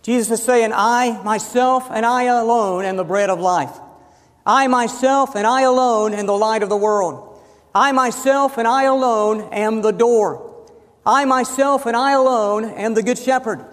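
A man preaching a sermon, emphatic, slowing and lifting his voice on key phrases. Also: extremely high pitch, a bit bright, in a large hall. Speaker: pastor.

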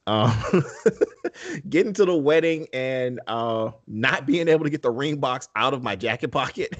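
A man's voice: mid-range voice, lively intonation, measured pace. A man hosting a casual podcast chat, laid-back and slangy, often laughing as he tells stories. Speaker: podcast host.

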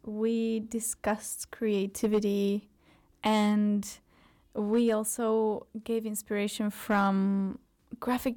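A woman's voice: fairly high pitch, dark tone. A woman co-hosting a radio show in an upbeat, playful, chatty way, laughing often. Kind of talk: casual radio chat.

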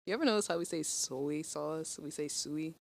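A woman's voice: sits low, moderate pace, creaky. Giggly Philly woman co-hosting a podcast. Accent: Philadelphia. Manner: giggly, playful, chatty. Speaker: podcast co-host. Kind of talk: casual chat.

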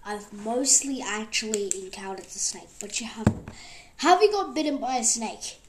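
A woman's voice: fairly high pitch, expressive, moderate pace, heavy background noise. A woman hosting a podcast, talking in a loose, rambling way with many fillers. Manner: rambling, full of fillers like "like" and "actually". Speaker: podcast host. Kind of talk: rambling casual talk.

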